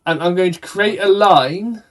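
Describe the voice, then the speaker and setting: A man playing a tabletop game, thinking aloud deliberately with pauses. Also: sits high. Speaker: player. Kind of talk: casual tabletop game play.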